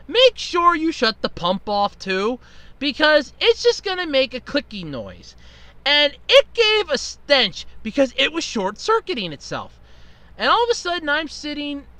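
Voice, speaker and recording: A podcast host with a very high, bright, forceful voice delivers a long storytelling monologue with no echo. He sounds exasperated as he rambles casually, swearing freely.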